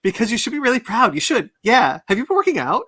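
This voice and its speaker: A man co-hosting a casual podcast chat, animated and acting out lines from a comic in playful voices. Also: extremely high pitch, fast, slightly rough. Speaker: podcast co-host.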